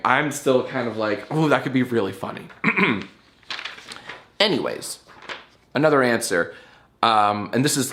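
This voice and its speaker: A man talks straight to camera as host of his own show, loose and playful, wandering through his points. His pitch sits in an ordinary middle range, and he keeps checking in with his listeners as he explains. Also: fairly bright tone. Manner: rambling, playful, explains with repeated "all right?". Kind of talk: casual talk to camera.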